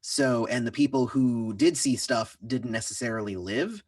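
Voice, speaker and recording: A man game master narrating a tabletop game in a relaxed, filler-heavy way, often chuckling. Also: medium pitch, moderate pace, no echo, studio quality, far from the mic.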